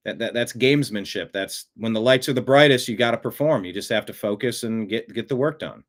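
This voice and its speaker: A man's voice: mid-range voice, fairly quick. A male show host commenting on played clips in a casual, conversational way and reading out viewer comments.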